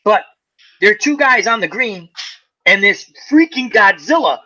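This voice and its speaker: A little slow and pitched high, a man hosting an easygoing fireside chat works through a long story with plenty of animation. He imitates the characters and laughs often, heard on a muffled lo-fi recording.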